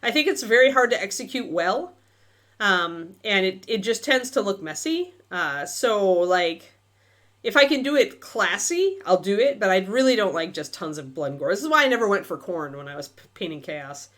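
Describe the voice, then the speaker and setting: A chatty woman with a lively, swooping voice hosts a miniature-painting stream. She thinks out loud, drifts between topics and fills pauses with ums and uhs. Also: mid-range voice. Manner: chatty, thinks aloud, many fillers, talks to her dog. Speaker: miniature painting livestream host. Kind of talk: casual chat while painting on a livestream.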